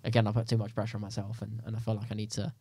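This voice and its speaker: A young man, a podcast guest, talking in a rambling, animated way in casual chat. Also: fairly low pitch, breathy edge, no room sound. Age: young adult. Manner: fast, rambling, animated storytelling.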